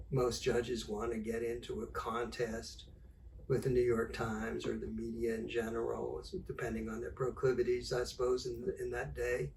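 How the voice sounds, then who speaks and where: Older man, gravelly voice, lively storyteller, heard from a distance with faint hiss. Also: mid-range voice. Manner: animated anecdotal storyteller, acts out dialogue. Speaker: journalist and author. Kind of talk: storytelling talk.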